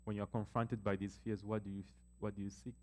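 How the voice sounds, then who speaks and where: Guy preaching, warm mellow voice, slows right down for the bible verses. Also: on the low side, level tone. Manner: preaching with rising emphasis, slows to read scripture. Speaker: pastor. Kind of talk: sermon.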